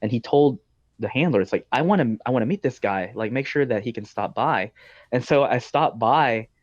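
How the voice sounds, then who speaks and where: A man's voice: medium pitch, animated, normal speed, dry recording. A man hosting a podcast, telling long stories in a casual, talkative way with frequent ums and likes. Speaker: podcast host. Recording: dull dry lo-fi sound.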